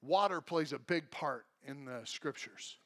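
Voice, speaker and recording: This pastor's voice is on the high side with a sharp tone, and he speaks a little slowly. Preaching in a church sanctuary, he tells stories and performs the voices of the characters he quotes.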